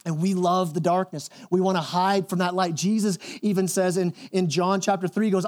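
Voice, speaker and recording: High-voiced male pastor preaching. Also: a little fast, few pauses. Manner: animated preaching, drops to hushed intensity. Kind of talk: sermon.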